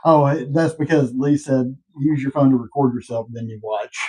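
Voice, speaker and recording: A man's voice: medium pitch, fairly even intonation, moderate pace, darkish tone, husky, rough recording. A man hosting a casual show, chatting and reading viewer comments aloud, laughing easily. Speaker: host.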